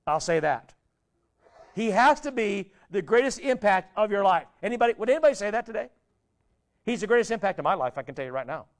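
A man preaching a sermon as pastor, asking the congregation questions and dropping his voice low at the ends of phrases. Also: sing-song, a little fast. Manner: asks the congregation many questions, conversational preaching.

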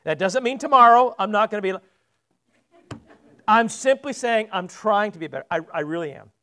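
Man, pastor, high voice, casual sermon, asks the congregation questions, church. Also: expressive, moderate pace, bright, forceful tone. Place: church sanctuary.

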